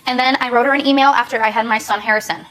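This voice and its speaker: Rapid, emotional young woman on a talk show. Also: on the high side, fairly even intonation, a bit bright, poor audio. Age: young adult. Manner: rapid, pleading, emotional storytelling. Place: TV studio.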